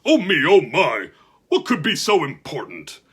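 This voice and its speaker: A man voicing a jolly, bumbling giant king who exclaims loudly and cheerfully, with a husky voice. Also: a little high, wildly swooping pitch, measured pace, full character voice. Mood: jolly booming.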